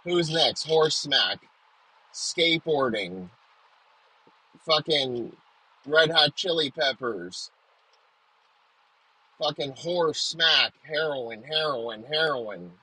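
A man's voice: on the high side, expressive, very slow, long pauses, pushed and bright, slightly rough, rough recording. A young man ranting in a profane comedic monologue, riffing crudely with frequent restarts.

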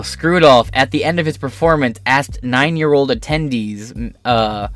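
Man, commentary host, reads stories then rants, crude and scornful, mid pitch, soft music bed. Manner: profane, contemptuous, sarcastic. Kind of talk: angry reaction commentary, reading articles aloud.

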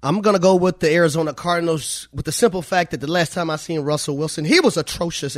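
A man's voice: fairly high pitch, no echo, clean studio sound. A man making casual, joking football picks on a sports talk show. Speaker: sports analyst.

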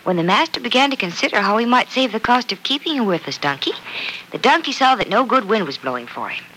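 A patient young woman reading a fairy tale aloud to a child. Her pitch moves in lively swings and her tone is bright. The style is 1940s radio drama. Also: fast, a little hiss or hum, low-quality recording. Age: young adult. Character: young bride-to-be, kind aunt figure.

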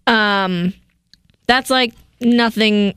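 A woman's voice: medium pitch, extremely slow, a bit bright, clear, resonant tone, dry recording, studio quality. A young woman co-hosting a podcast in casual chat, talking in a rambling way with lots of "like" and restarts. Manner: chatty, lots of likes and restarts. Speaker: podcast co-host.

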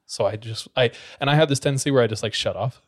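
A young man co-hosting a podcast, telling a story in an animated, laughing, casual way. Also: medium pitch, quick pace. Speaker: podcast co-host.

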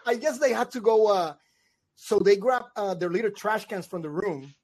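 A man's voice: high-pitched, moderate pace. Guy telling a wild story on a podcast, acts out the voices, keeps laughing. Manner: animated storyteller who acts out quoted voices and laughs often. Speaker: podcast co-host. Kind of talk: casual chat, storytelling.

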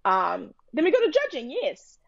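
A woman's voice: sits high, huge pitch swings, moderate pace, vocal fry, highs cut off, crowd noise. A woman co-hosting a podcast, chatting casually and opinionated as she recaps a TV show with lots of fillers. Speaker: podcast co-host.

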